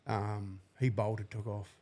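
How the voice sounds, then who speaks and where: A man's voice: fairly low pitch, flat delivery, takes it slowly, warm tone. A man in his forties from New Zealand, a podcast guest telling a painful personal story bluntly and with heavy swearing. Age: 40s. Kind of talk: emotional personal account.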